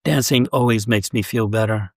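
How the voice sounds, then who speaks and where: Give me a gentle, world-wise woman with a soft, coaxing way of speaking, voiced by a man reading a short story aloud. She sounds soothing and a little tired. The recording is close and dry. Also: on the low side, normal speed, no room sound. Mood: tender.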